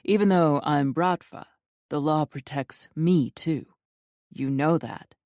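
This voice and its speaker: A cool, controlling crime boss voiced by a woman speaks low and slowly, every threat smooth and unhurried. His tone is mellow and dark, close and dry against the mic, in a storybook reading. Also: dry recording. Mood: threatening. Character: smug, controlling male Bratva boss.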